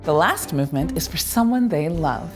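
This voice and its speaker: Encouraging woman teaching kids, very lively pitch. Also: soft background music. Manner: bright, encouraging, slow and clear for children. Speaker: children's music teacher. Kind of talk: kids' movement tutorial.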